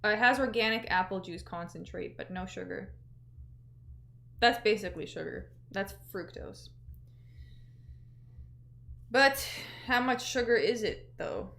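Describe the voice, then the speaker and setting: Woman, livestream host, casual chat, reads chat aloud, mid pitch. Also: unhurried, pauses often, fairly bright tone. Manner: chatty, reads out chat messages, lots of fillers.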